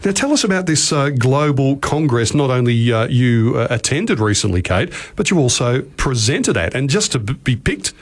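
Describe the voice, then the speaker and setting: A man's voice: mid-range voice, very animated, moderate pace, few pauses. A man hosts a radio interview in a jovial, teasing way. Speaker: radio host.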